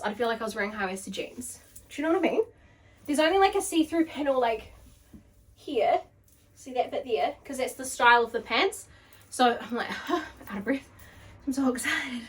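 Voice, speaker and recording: Brief: young woman vlogger, bubbly and chatty, a touch high, recorded from across the room. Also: expressive, fairly quick, far from the mic. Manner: bubbly, gushing, full of "like". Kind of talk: casual try-on haul chat.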